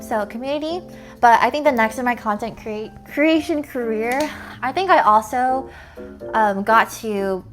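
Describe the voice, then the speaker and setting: A young woman streamer chatting casually with her viewers, full of "like" fillers and the odd swear, and she sounds tired. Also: medium pitch. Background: faint music.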